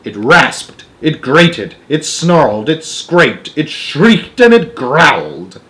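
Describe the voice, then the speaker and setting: Expressive young man reading aloud. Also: a little high, slow. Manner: expressive, with small slips and restarts. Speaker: storyteller. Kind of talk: reading a children's book aloud.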